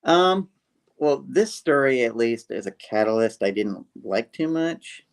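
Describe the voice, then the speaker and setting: Animated man retelling a comic. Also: medium pitch, a little slow. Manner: animated retelling, laughs often. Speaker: co-host. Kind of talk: casual comic book review chat.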